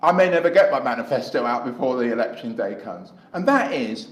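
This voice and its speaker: A man's voice: medium pitch, expressive, a little fast, echoey room, low-quality recording. A middle-aged man with an English accent, an independent election candidate answering interview questions in a rambling way, acting out dialogue as he tells stories. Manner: rambling, acts out dialogue in anecdotes.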